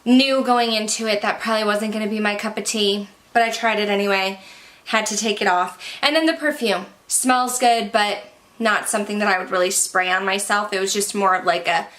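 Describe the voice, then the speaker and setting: A woman's voice: mid-range voice, fairly even intonation, brisk, a bit bright. A young woman vlogging a casual makeup product review, chatty and candid, sounding slightly out of breath. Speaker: beauty vlogger.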